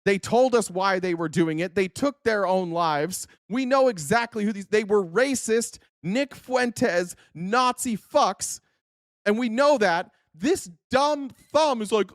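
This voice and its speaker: A man's voice: sits high, slow, no room sound, studio quality. A man hosting a podcast, ranting angrily at clips he is reacting to, swearing and insulting often. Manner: angry, profane, insulting. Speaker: podcast host. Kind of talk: profane political rant reacting to clips.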